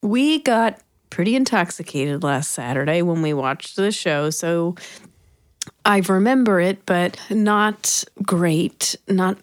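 A woman's voice: lowish voice, expressive, takes it slowly, no echo, studio quality. A woman co-hosting a casual podcast, bantering in a teasing, playful way. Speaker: podcast co-host. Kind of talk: casual chat.

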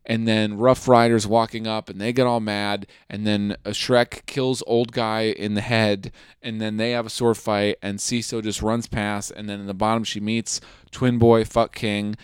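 A man's voice: fairly low pitch, flat delivery, moderate pace, few pauses, clean tone, no room sound, clean studio sound. A young man co-hosting a podcast, rambling through a jokey, profane recap in casual chat. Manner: rambling, jokey, swears freely. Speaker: podcast co-host.

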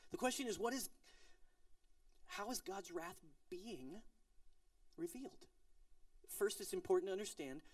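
A middle-aged male pastor giving a sermon in a casual, storytelling way, with playful asides and moments of quiet intensity. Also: high-pitched. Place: church service in an office building.

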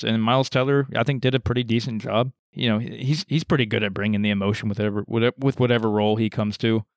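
A man co-hosting a podcast, chatting casually about a movie in an easygoing, halting way. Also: fairly low pitch, fairly even intonation, no room sound, clean studio sound. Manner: easygoing, halting, restarts often. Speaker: podcast co-host. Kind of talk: casual movie review chat.

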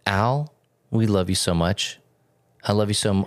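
A young man co-hosting a casual podcast, talking in an animated, jokey way with quick asides. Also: lowish voice, dry recording, clean studio sound. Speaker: podcast co-host.

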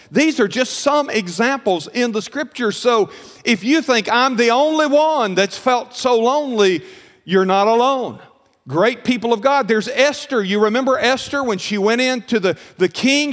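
A pastor with a high voice preaches to his congregation, reading scripture slowly and earnestly. His words ring out with a long reverb in a church sanctuary. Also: a bit bright. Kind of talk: sermon.

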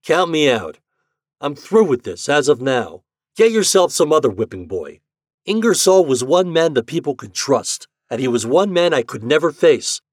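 A man's voice: fairly high pitch, sing-song, moderate pace, no room sound, studio quality, voice pushed up. A man voicing a bitter, weary male propaganda writer in an audiobook story, speaking in heated outbursts. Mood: defiant.

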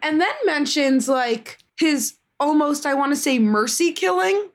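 A woman's voice: high voice, lively intonation, measured pace. A woman co-hosting a casual book discussion, recapping the plot in a chatty, self-correcting way. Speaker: podcast co-host.

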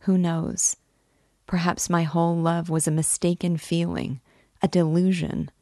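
A woman reading as an impassioned young woman, halting and pleading. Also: on the low side, little pitch movement, dark tone, no echo, clean studio sound. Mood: tearful. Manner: pleading, halting, breaks off mid-sentence. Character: young woman, emotional, torn in love. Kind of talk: dramatic reading of a novel.

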